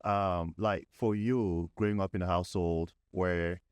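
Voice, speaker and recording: A man co-hosting a podcast who asks long questions in a halting way, stopping to search for words. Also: low voice, steady tone, smooth, dry recording. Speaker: podcast co-host. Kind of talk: casual interview questions.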